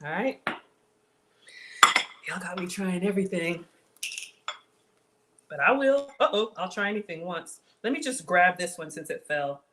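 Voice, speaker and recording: A woman's voice: fairly low pitch, animated, unhurried, pauses often, fairly bright tone, a little hiss or hum. A woman hosting a casual cooking livestream, chatting with viewers about her food and reading their comments. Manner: chatty, reads viewer comments, says y'all.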